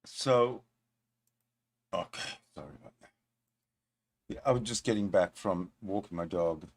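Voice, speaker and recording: A man's voice: low-pitched, a little slow. A man hosting a reaction video, making sarcastic casual commentary and heckling the clip he plays.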